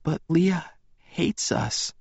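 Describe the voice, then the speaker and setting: A man voicing a frail young woman who speaks in a strained, breathy whisper, in an audiobook reading. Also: on the high side, measured pace, darkish tone, dry recording, pitched above the performer's own voice, heavily acted. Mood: weak whisper. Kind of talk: audiobook character voice. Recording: slightly dull dry recording.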